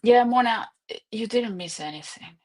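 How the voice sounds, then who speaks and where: A woman's voice: fairly high pitch, animated, normal speed, a little mellow. A young woman hosting a casual livestream from home, chatty and rambling, laughing often. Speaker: livestream host.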